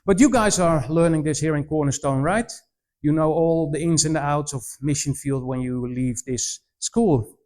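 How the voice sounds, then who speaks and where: A man's voice: fairly high pitch, moderate pace, darkish tone. A middle-aged man from the Netherlands with a Dutch accent, giving a humorous presentation to students as a missionary, telling anecdotes with frequent restarts. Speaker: missionary speaker.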